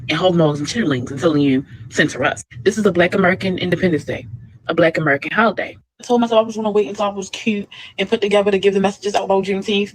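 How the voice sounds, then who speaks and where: A man lectures in a social media clip, his fairly high voice moving quickly. The sound is dry and close, and he stresses each point emphatically. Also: no echo, low-quality recording.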